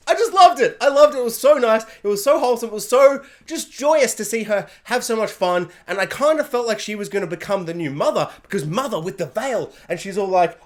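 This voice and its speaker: Woman, review vlogger, excitable rant delivery with mock character voices, very lively intonation. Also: fairly high pitch, brisk, few pauses. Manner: animated and gushing, acts out characters in mock voices.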